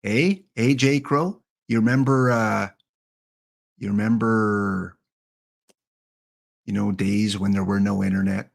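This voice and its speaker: A man's voice: lowish voice, fairly even intonation, slow, gravelly, long pauses. A Canadian man in his fifties, a game streamer chatting casually and jokily with his viewers. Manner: rambling, jokey, talks to chat. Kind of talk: casual live-stream chat.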